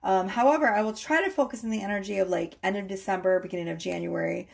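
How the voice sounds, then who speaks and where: Speaking at a medium pitch with noticeable vocal fry, a female tarot reader talks casually to her audience. She tends to ramble a bit and often asks a quick "okay?" to check in.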